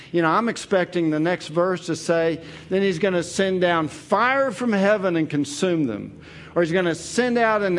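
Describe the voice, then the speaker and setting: A man teaching verse by verse through a psalm in an earnest, emphatic way, repeating key phrases. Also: a little high. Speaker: preacher. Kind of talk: expository Bible teaching.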